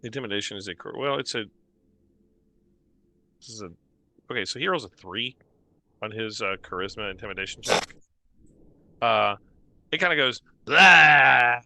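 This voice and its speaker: A man with a fairly low voice and a very bright, sharp edge serves as game master for a tabletop game. He describes the scene in a halting way and trails off with fillers as he goes.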